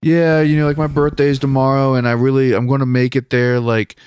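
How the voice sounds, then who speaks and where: A man's voice: mid-range voice, little pitch movement, brisk, darkish tone, clean tone, no echo, clean studio sound, voice pushed up, natural voice. A man putting on a brash, profane woman in her forties who shrugs off danger and calls herself a survivor. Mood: breezy. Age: 40s. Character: brash streetwise middle-aged woman, tough survivor.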